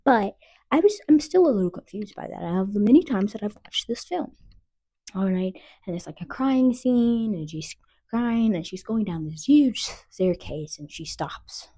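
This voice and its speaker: A young woman casually recapping a film plot in a chatty, animated way, with fillers and asides. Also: medium pitch, breathy edge, dry recording. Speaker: film reviewer.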